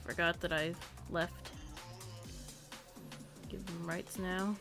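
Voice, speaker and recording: A woman's voice: lowish voice, flat delivery, slow, vocal fry, over music. A young woman live-streaming a building game, chatting casually and giggling often.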